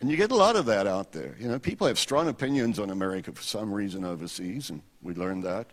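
A man, a missionary telling a story during a sermon in a relaxed, wry manner. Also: fairly low pitch, quick pace, long reverb tail. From South Africa. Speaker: missionary speaker.

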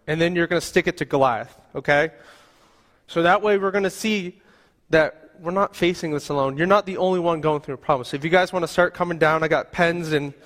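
Male youth pastor, casual lively sermon, slightly high voice, church reverb. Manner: casual, animated, acts out quoted voices. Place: church sanctuary. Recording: long hall reverb.

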